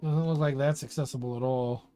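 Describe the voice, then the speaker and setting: Guy mumbling through a game stream, laid back, mid pitch, faint music behind. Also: fairly quick, smooth. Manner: relaxed, muttering to himself while playing. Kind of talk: casual gameplay commentary.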